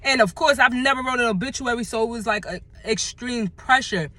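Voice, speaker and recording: Bright-voiced woman opening up. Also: on the high side, no echo. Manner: halting, reflective, emotional. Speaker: vlogger. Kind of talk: candid personal vlog.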